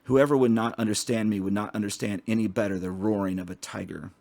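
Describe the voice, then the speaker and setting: Low-voiced man reading poetry aloud. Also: fairly even intonation, creaky, darkish tone. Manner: slow, measured recitation with restarts on hard words. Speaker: poetry reader.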